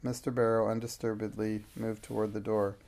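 A man reading a classic novel aloud in a steady, measured narration. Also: lowish voice, vocal fry. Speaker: audiobook narrator. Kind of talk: scripted narration.

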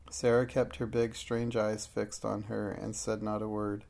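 A man reading a story aloud in an even, unhurried manner as an audiobook narrator. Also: on the low side, creaky. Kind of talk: scripted narration.

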